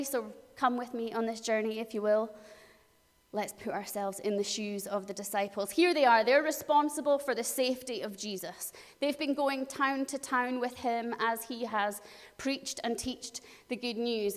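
A woman preaching a sermon, telling the story in a lively way and acting out voices. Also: fairly high pitch, in a large hall.

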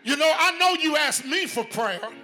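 A man preaching a sermon in a sing-song whooping style, shouting his climaxes and calling out to the congregation. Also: very high-pitched, expressive, normal speed, faint music behind. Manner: calls out to the congregation.

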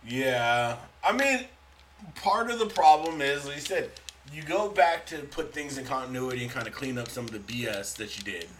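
A man's voice: mid-range voice, expressive, moderate pace, fairly bright tone. A man co-hosting a casual podcast chat, laid-back and dry, arguing his points. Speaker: podcast co-host. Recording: distant mic, faint noise.

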